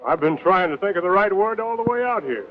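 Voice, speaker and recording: Western serial lead: a cocky drawling marshal, slightly high voice, dull vintage soundtrack. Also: male voice, animated, fast talker, soft background music. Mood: confident. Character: confident folksy male gunslinger marshal. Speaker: frontier marshal. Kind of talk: 1940s film serial acting. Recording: muffled old film soundtrack with hiss.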